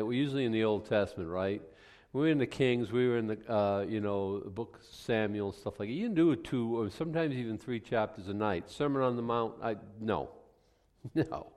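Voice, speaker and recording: A man with a fairly low voice teaches scripture in an easygoing, rambling way, breaking off mid-sentence for homely asides. His voice rings with the long reverb of a church hall. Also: darkish tone. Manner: rambling, self-interrupting, folksy asides. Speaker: pastor. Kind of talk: conversational Bible teaching.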